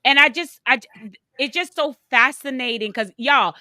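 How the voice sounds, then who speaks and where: Bright-voiced woman coach, dry close sound. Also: high voice, moderate pace, no room sound. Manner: preachy, emphatic, speaks straight to listeners. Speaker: business coach and host. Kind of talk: motivational interview talk.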